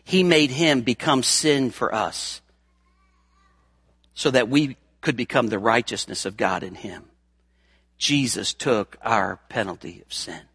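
A man in his fifties, a pastor preaching a sermon, swinging between hushed, intimate moments and raised, urgent passages. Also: mid-range voice, takes it slowly, slightly rough. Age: 50s.

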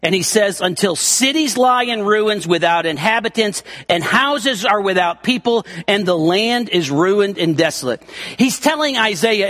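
A man delivers a sermon as a pastor. His voice sits very high and sounds bright and forceful. He presses his points with emphatic rises and drops.

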